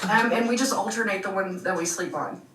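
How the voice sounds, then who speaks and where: A woman's voice: mid-range voice, fairly quick, fairly bright tone, far from the mic, a little hiss or hum. A woman casually chatting through a tour of her hotel room. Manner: chatty, rambling. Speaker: vlogger. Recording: echoey room, away from mic.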